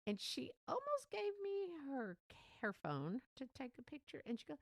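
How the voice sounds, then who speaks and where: A chatty woman rambles through her own podcast. She laughs often, and her pitch swoops up and down as she acts out little scenes. Her voice has a gravelly edge, and the recording is dry and close. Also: huge pitch swings, normal speed, few pauses, no room sound. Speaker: podcast host. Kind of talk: casual monologue.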